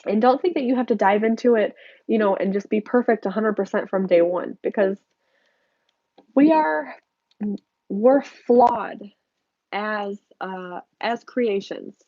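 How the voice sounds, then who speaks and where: A young woman chats candidly through a live question-and-answer stream, full of ums and restarts. Her voice sounds a little stuffy and hoarse from allergies. Her pitch sits in the middle, and she talks into a headset mic with dull, lo-fi sound. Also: unhurried, warm tone. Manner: candid, chatty, many fillers and restarts. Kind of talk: casual live Q&A chat. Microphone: headphones with mic.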